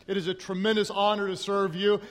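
High-voiced joking preacher in a hall. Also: male voice, fairly quick. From Oklahoma, United States. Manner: energetic, joking, self-deprecating. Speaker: guest pastor. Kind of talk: sermon. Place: large church sanctuary with congregation. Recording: hall reverb with crowd.

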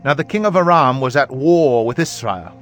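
Man reading scripture over soft music. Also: medium pitch. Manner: measured, even reading voice. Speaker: Bible reader. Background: faint background music.

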